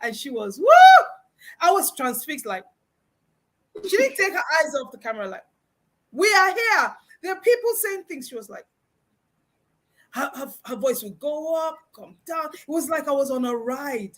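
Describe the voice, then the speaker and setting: A woman guest on a video-call talk show, telling a story with lively, expressive delivery and acting out the lines of people she quotes. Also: high voice, normal speed, pauses often. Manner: expressive, acts out quoted dialogue. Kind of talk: animated storytelling chat.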